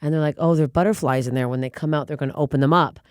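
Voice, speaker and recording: A woman's voice: low voice, very fast, clear, resonant tone, no room sound, studio quality. A woman comedian, a guest on a podcast, telling stories in casual chat with lots of swearing. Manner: animated, profane storytelling.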